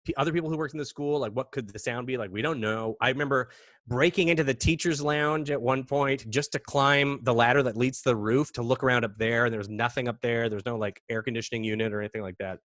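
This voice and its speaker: Animated man telling a spooky story. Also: medium pitch, quick pace, no room sound, studio quality. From Canada. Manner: animated, dramatic, mimics bangs and gasps. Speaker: podcast guest. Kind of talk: casual storytelling.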